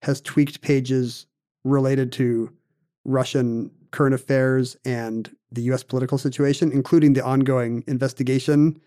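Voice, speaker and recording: A man's voice: mid-range voice, little pitch movement, normal speed, dark tone. A man hosting a casual chat, explaining a story in a wry, conversational way with dry asides.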